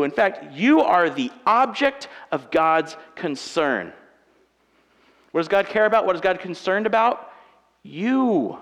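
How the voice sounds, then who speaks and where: A man in his thirties preaching a conversational sermon as a pastor, moving between quiet, chatty asides and loud, emphatic passages in a church auditorium. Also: high-pitched, big pitch swings, unhurried. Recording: hall reverb from a church sanctuary.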